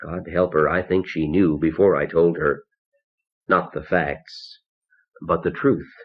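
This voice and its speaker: A man narrating a short story in the first person, measured and somber, on a dull old cassette tape. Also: low-pitched, fairly even intonation, husky. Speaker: audiobook narrator.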